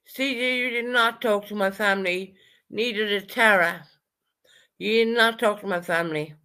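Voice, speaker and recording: A woman's voice: medium pitch, moderate pace, bright, forceful tone, smooth. A woman ranting on a livestream, swearing heavily, repeating herself, and calling out chat viewers by name. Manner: profane, heated and repetitive. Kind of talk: angry livestream rant.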